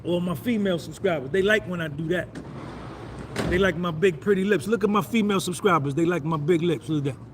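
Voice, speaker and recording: A middle-aged man on a casual live stream, loose and boastful, repeating himself as he shouts out viewers. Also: high-pitched, a little fast, background noise. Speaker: vlogger doing a live stream.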